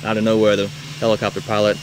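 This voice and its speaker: Male camp counselor, lowish voice, tall-tale storyteller, loud outdoor background. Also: fast talker. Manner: animated, shouts quoted lines. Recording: noisy outdoor camcorder recording.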